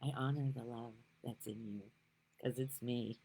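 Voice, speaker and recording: A middle-aged woman giving casual spiritual talk to her viewers, gushing and laughing often, sometimes dropping to a soft whisper. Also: rumbling low, steady tone, normal speed, a little hiss or hum, poor audio. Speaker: spiritual vlogger.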